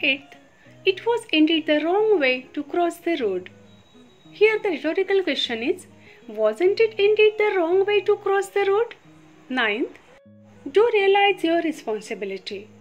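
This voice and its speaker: A woman, explaining grammar exercises slowly and patiently as a teacher. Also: extremely high pitch, big pitch swings, dull audio, soft background music. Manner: slow, patient, repeats rules.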